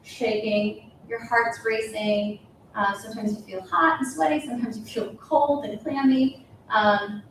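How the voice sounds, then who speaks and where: A woman talks casually to a small group of parents, rambling and chatty with many fillers and quick laughs. Her voice is fairly high. She sounds distant from the mic in a very echoey room. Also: fairly even intonation, a little hiss or hum. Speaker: school presenter at a parent night. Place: school meeting room.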